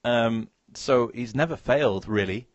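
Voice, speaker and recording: A man's voice: mid-range voice, no echo, dull audio. A man hosting a casual football chat, stumbling over words and putting questions to his co-host. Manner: halting, restarts words, asks questions. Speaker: podcast host.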